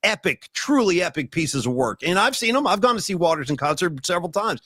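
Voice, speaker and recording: A man, hosting a casual podcast chat, emphatic and animated. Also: sits high, brisk, no echo, studio quality. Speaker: podcast host.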